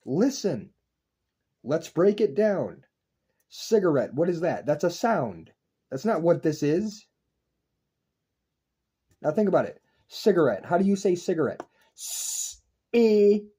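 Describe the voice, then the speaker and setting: A man's voice: on the high side, sing-song, unhurried, long pauses, dark tone, husky. A young man lecturing his viewers in an intense, profane, repetitive philosophical rant to camera. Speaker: online video creator.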